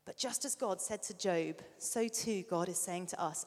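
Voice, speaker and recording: A middle-aged woman preaching a sermon, an animated storyteller who sometimes drops to a soft near-whisper. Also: lowish voice, normal speed, few pauses. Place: church hall. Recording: long reverb of a large hall.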